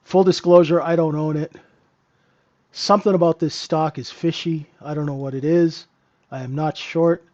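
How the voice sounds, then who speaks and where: A man's voice: on the high side, fairly even intonation, normal speed, a little mellow, lo-fi sound. A man hosting a live trading room, giving casual, joking market commentary and answering viewers by name. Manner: chatty, joking, talks to chat viewers by name.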